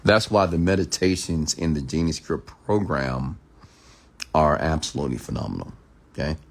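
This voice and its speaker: A very deep, creaky-voiced man hosts a stream late at night, reading and responding to comments from viewers. He shifts his pace and tone on purpose and now and then slows into a measured news-anchor manner.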